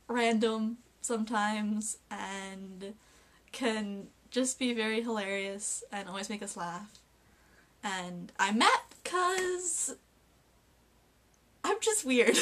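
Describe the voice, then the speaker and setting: A woman's voice: fairly high pitch, a bit bright. A young woman vlogging casually about her best friends, getting emotional, hesitant and giggly as she talks.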